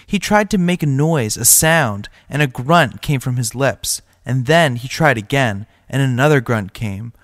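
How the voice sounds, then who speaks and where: A male teacher reading a short story aloud to his class in a steady, plain way. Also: medium pitch, dry recording, studio quality.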